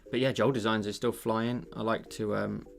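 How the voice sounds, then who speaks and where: A man chatting casually on a livestream while he paints, rambling and thinking out loud with many fillers. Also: on the low side, level tone, normal speed, creaky.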